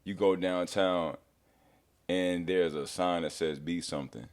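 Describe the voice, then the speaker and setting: A young man from Houston, telling a story in a casual, animated way. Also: low-pitched, unhurried, smooth. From Houston, Texas. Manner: animated, laughing storyteller acting out voices. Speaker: guest.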